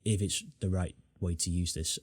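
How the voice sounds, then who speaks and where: A young man from the north of England, his accent mild and neutral. His voice sits fairly low and he talks in a loose, rambling way with plenty of restarts. The sound is close and dry, with no room around it. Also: fairly even intonation, normal speed, slightly rough, dry recording. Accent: northern English. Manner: rambling, many restarts, puts on accents for fun. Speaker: podcast host. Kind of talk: casual chat.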